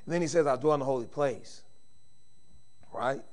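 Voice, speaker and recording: A middle-aged man preaching a sermon, swinging from shouted emphasis to quiet, intimate speech, with informal Southern-style phrasing. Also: mid-range voice, moderate pace.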